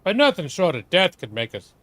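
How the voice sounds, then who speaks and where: A man's voice: sits high, huge pitch swings, brisk, a bit bright, no echo, pitched above the performer's own voice, exaggerated voice. A man voicing a defiant male rebel fighter, reading game dialogue aloud in a declaiming way.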